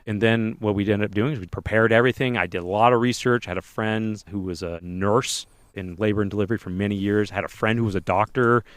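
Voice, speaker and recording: A man co-hosting a podcast, telling a lively personal anecdote in a casual way. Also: fairly low pitch, quick pace, hardly any pauses, no echo. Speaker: podcast co-host telling a story. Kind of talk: casual storytelling.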